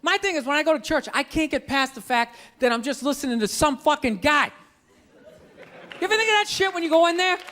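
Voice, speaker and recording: A man doing a stand-up routine on a comedy club stage, ranting loudly and exasperatedly with plenty of profanity. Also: very high voice, lively intonation, brisk. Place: comedy club stage before a live audience. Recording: live stage recording with crowd laughter and noise.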